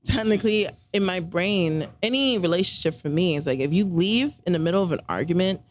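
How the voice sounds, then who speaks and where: A woman's voice: lowish voice, expressive, fairly quick, a little hiss or hum. A woman guest on a podcast, telling a personal story in casual chat, full of fillers and acted-out quotes. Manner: chatty, many fillers, acts out quoted dialogue.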